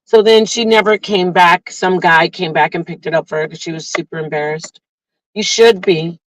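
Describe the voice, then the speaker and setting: A woman hosting a casual live vlog from her car, rambling and animated as she tells a story, recorded on a phone. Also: fairly low pitch, normal speed, no echo, poor audio. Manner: chatty, rambling, animated retelling. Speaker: livestream host.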